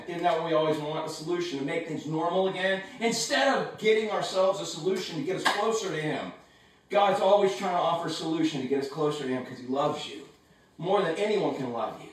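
A man preaching a sermon from his home in a casual, animated way with slangy asides. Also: a little high, a little fast, heavy reverb, far from the mic, rough recording. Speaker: pastor.

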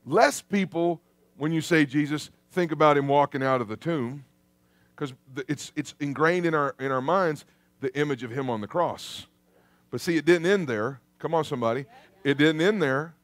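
A man preaching a sermon in a church, lively and conversational, calling out to the congregation. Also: fairly high pitch, normal speed, no echo. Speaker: pastor. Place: church sanctuary.

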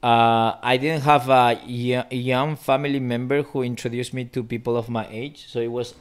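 A man's voice: medium pitch, steady tone, moderate pace, clear, resonant tone. A man in his thirties from Peru, with a mixed Peruvian and Spanish accent, speaking Spanish natively, talking reflectively as a guest in a casual interview. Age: 30s. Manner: reflective, frequent restarts and fillers. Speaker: guest philosopher.

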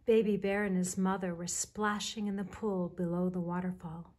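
A woman narrating a children's storybook in a soft, measured way with a breathy voice. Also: lowish voice, little pitch movement.

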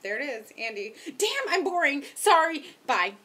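A young woman chatting casually to her camera at home, rambling and self-mocking, talking loudly with headphones on. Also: high voice, very animated, moderate pace. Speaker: vlogger. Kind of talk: casual chat. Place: home, indoors.

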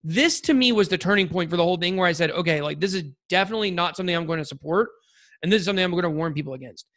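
A man's voice: high voice, racing, a bit bright. A man co-hosting a podcast in casual chat, rambling and joking with lots of restarts and fillers. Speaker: podcast co-host.

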